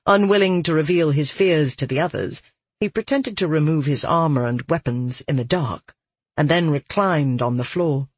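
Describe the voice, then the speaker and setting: A narrator reading a fantasy audiobook in a steady, measured way. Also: medium pitch, slightly rough, no room sound.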